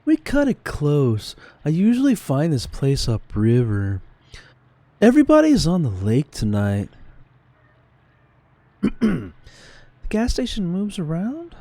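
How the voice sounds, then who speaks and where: A man voicing an easygoing male ferry captain, reading video game dialogue aloud slowly. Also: a little high, wildly swooping pitch, warm tone, no room sound, voice pushed up, full character voice. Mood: friendly. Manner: slow, unhurried reading of dialogue.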